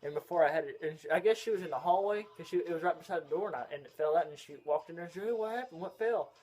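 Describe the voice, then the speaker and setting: A man's voice: fairly high pitch, rapid-fire. A young man, telling a story in rambling casual chat as a vlog co-host. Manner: rambling, drawling, with loud bursts of laughter.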